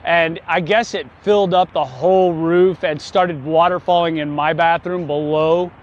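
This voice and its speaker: Pedaling a folding bike outdoors through the city, this vlogger chats wryly and chuckles often as he tells his story. He speaks at a normal speed in a higher-than-average voice with fairly even intonation, recorded in lo-fi sound.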